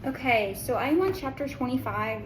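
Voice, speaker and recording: A young woman vlogging casually about a book she is reading, chatty and excitable, rambling as she goes. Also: high voice, normal speed, over loud music. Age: young adult. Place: indoor room with green screen. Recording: echoey room with audible background noise.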